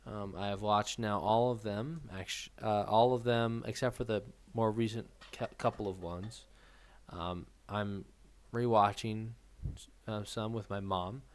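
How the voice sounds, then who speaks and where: A tired man co-hosting a film podcast, talking quietly and casually. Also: lowish voice, steady tone, measured pace, smooth. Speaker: podcast co-host. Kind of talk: casual chat.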